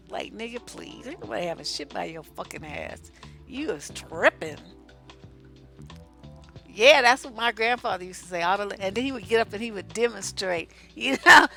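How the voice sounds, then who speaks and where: A woman's voice: on the high side, gravelly. A woman relationship coach, giving blunt, profane, sassy advice while answering viewer questions on a live stream. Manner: profane, sassy, animated storytelling.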